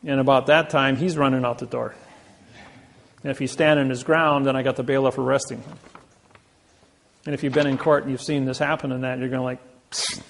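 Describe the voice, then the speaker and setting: A man's voice: medium pitch, little pitch movement, fairly quick, gravelly, pauses often. A man giving a boastful storytelling lecture, acting out the voices of people in his stories. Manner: boastful, acts out quoted voices. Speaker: presenter.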